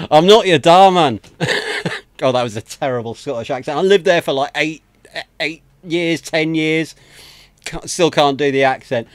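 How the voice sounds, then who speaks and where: A livestream host sits near his desk mic, welcoming viewers individually with chatty, self-deprecating banter full of laughs and thank-yous. His mid-range voice is recorded dry.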